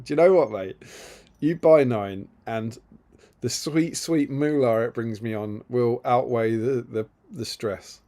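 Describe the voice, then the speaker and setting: A man's voice: medium pitch, measured pace, dark tone. A man co-hosting a live stream, chatting casually and telling rambling stories with many restarts. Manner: rambling, self-interrupting storyteller, reads chat aloud. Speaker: stream co-host.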